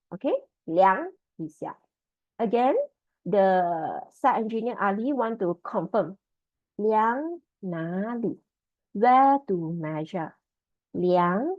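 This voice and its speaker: A woman's voice: mid-range voice, no echo. Woman drilling tones on a video call. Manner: drills tones by repeating syllables. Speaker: Mandarin trainer. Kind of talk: online language lesson. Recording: dry, slightly dull call audio.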